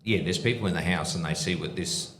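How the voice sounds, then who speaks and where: This former police officer, now a podcast co-host, talks a little fast in a low, slightly bright voice at a live pub show. His storytelling rambles and restarts, dipping into quoted voices, heard with reverb and a slight hiss or hum.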